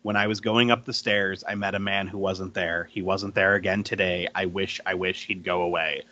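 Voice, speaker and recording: A man's voice: low voice, little pitch movement, moderate pace, sharp tone, pitched below the performer's own voice. A man voicing an eerie whispering boy killer in a whispered role-play, on a dull lo-fi mic. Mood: menacing.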